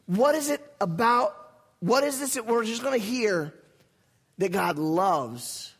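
A middle-aged man preaching a sermon as pastor, folksy and lively, with asides and repeated phrases. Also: sits high, takes it slowly, slightly rough, long reverb tail. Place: church sanctuary.

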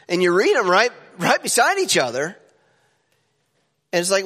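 A man preaching a sermon as pastor, animated and jumping up in pitch for emphasis. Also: fairly quick. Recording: echoey hall with long reverb.

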